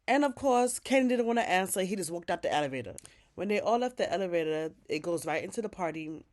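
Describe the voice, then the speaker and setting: A woman's voice: on the low side, expressive, fast talker, a little mellow. A woman giving a casual, chatty episode recap, retelling scenes with quoted dialogue, slang and opinionated asides. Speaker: TV recap host.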